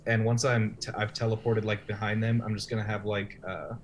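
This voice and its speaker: A man's voice: fairly low pitch, level tone, a little fast, a little hiss or hum. A man playing in a tabletop game, describing his character's actions with many fillers. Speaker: player. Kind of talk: casual tabletop play.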